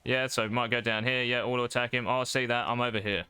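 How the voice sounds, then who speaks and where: Blunt, swearing male game coach, bright voice. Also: mid-range voice, level tone, quick pace, smooth, no room sound. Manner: blunt, profane, calls the listener mate. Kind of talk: live-streamed coaching session.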